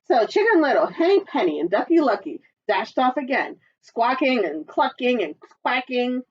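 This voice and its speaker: A woman's voice: a little high, sing-song, moderate pace, few pauses, breathy edge, lo-fi sound. Playful woman reading a storybook. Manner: playful, sound effects and asides. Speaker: children's librarian. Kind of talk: storytime read-aloud.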